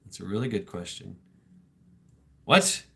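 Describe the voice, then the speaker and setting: A man's voice: low voice, big pitch swings, a little slow, vocal fry, a bit bright. A man hosting a casual livestream, musing aloud in a rambling way, often repeating his words and laughing between thoughts. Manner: reflective, joking, swears casually. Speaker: livestream host reading chat comments.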